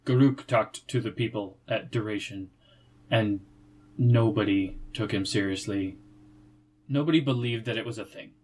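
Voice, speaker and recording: Low-voiced man narrating as game master. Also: moderate pace, a little mellow, rough recording. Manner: descriptive, casual.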